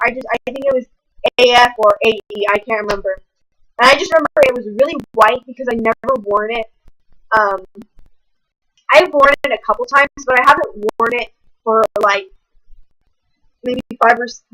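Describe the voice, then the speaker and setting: Bright-voiced woman telling a story. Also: fairly high pitch, low-quality recording. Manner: animated, swears often, restarts mid-sentence. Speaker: vlogger. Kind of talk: casual storytelling to camera.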